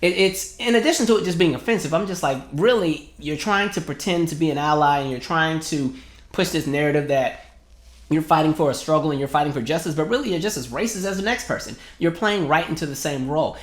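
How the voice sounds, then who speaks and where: A man's voice: on the high side, brisk. A man hosting a casual commentary video, talking in a sarcastic, incredulous way. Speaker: host. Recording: roomy echo.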